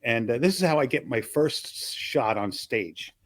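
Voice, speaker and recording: A man's voice: medium pitch, lively intonation, normal speed, no room sound. An older man, a comedian from Long Island, telling stories from his early days in a casual interview and acting out the voices of the people in them. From Long Island, New York.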